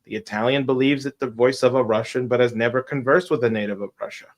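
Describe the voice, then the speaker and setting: On a relaxed live stream, a man co-hosting the show reads a classic detective tale aloud at a quick pace. He works through a long, wordy speech, sometimes stumbling over a word and starting it again, his voice at an ordinary middle pitch.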